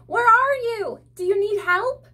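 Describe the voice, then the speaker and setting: A woman's voice: sits high, lively intonation, normal speed, faint music behind, pitched above the performer's own voice. A woman voicing a brave, worried young girl who calls out urgently in a storybook reading. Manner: calling out, urgent.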